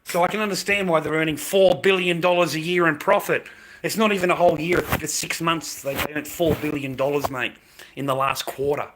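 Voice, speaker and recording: A man's voice: on the high side, fairly even intonation, fairly quick, a bit bright. A man with an Australian accent talking casually to his viewers, blunt and sweary, circling back and repeating his points as he rants. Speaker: livestream host.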